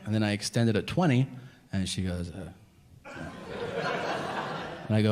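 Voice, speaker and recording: A man doing stand-up, telling a story in an exasperated, incredulous, profane way, his voice jumping high in disbelief. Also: steady tone, a little fast, pauses often, noisy background. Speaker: stand-up comedian. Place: comedy stage with a laughing audience. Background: audience laughter.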